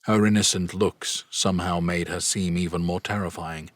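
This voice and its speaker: A man narrating a fantasy audiobook in a steady, even storytelling manner. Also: deep voice, normal speed, no echo. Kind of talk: scripted narration.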